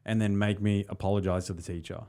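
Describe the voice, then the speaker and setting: A man's voice: lowish voice, flat delivery, fast talker, dark tone. A man in casual podcast banter, telling stories bluntly and with plenty of swearing. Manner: blunt, profane storytelling. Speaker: comedian guest.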